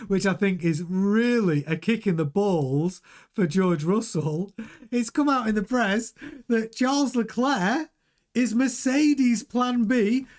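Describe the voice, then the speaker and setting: A middle-aged man hosting a live stream, talking casually and animatedly and often restarting his sentences while he reads the chat. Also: high voice. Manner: chatty, animated, repeats words and restarts. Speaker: show host reading live chat.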